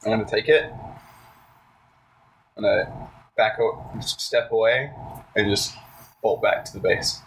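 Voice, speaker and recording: A man's voice: lowish voice, measured pace, pauses often, a little hiss or hum, poor audio. A man playing a tabletop game, stating his character's actions plainly and matter-of-factly. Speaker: player.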